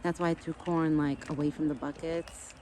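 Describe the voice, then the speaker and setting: A woman's voice: deep voice, level tone, moderate pace, darkish tone, slight background noise. Woman cooing at backyard wildlife outdoors. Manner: coos sweetly at animals in a raised baby-talk voice. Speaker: vlogger feeding wild animals. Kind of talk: casual chat. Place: outdoors in a yard by woods.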